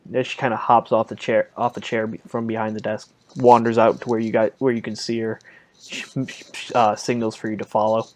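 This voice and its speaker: A man running a tabletop game as game master, narrating in a casual, halting way. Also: lowish voice, level tone.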